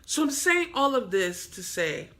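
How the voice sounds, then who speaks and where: A woman with a high, bright voice gives an inspirational faith talk. She takes her time and speaks in an unhurried, emphatic, preacher-like rhythm. She repeats her key phrases and coaxes the listener directly. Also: sing-song. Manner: emphatic, repetitive, preacher-like cadence; addresses the listener directly, coaxing. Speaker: motivational speaker and author.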